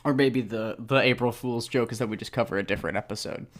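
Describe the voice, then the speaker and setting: A man's voice: mid-range voice, fast. A young man co-hosting a casual podcast chat, playful and wry, laughing easily. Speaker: podcast co-host.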